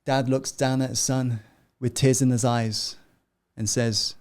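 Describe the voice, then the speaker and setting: A man's voice: medium pitch, little pitch movement, unhurried, darkish tone. Earnest man narrating a motivational story.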